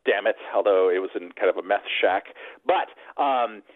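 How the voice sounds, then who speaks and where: A man's voice: on the low side, moderate pace, no room sound. A man speaking as a guest in casual political radio chat, wry and digressive with many fillers. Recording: dry, phone-like narrow line.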